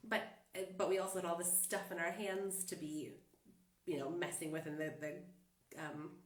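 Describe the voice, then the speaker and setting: A stuffed-up woman with a lowish voice rambles chattily through a casual monologue, full of fillers and small laughs. She sits a little back from the mic in a roomy, echoing space. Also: little pitch movement, normal speed, recorded from a distance. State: stuffed up with a cold. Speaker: life coach.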